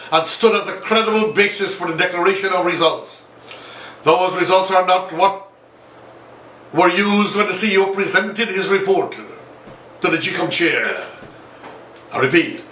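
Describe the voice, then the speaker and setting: A man's voice: high-pitched, sharp tone, reverberant, recorded from a distance, poor audio. A man hosting an impassioned political commentary show, addressing his viewers directly and repeating himself for emphasis. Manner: repetitive, appealing directly to viewers. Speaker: online show host.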